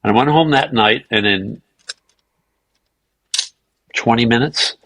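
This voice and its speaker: Guesting on a podcast for a casual storytelling interview, a gravelly, husky man spins animated anecdotes slowly at medium pitch, playing out quoted dialogue with profanity and self-mockery. The low-quality recording has no room sound.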